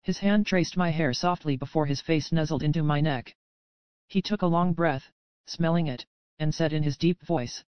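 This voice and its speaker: A woman narrating a dark romance audiobook in the first person with a steady, even reading. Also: low voice, normal speed, clean tone, no room sound, dull audio.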